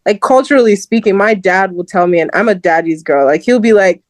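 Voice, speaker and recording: A young woman chatting on a podcast, lively and quick to laugh, with "like" in nearly every sentence. Her voice sits at an ordinary middle pitch. The sound is close and dry, with no room around it. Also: dry recording. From Southern California. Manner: animated, laughs often, heavy use of "like". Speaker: guest host. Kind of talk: casual podcast chat.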